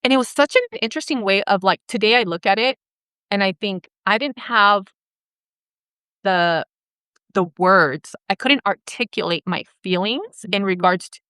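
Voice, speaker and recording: A woman, a therapist and guest, telling a personal story in a lively conversational way and acting out quoted dialogue. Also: medium pitch, normal speed, clean tone, no room sound, studio quality. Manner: animated, acts out quoted dialogue in her own voice.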